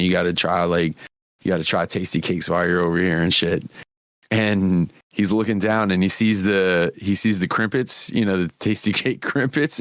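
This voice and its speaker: A man's voice: low-pitched, no room sound, studio quality. A man hosting a podcast, telling stories in casual chat, swearing freely and laughing often. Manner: profane, laughing storyteller. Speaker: podcast host.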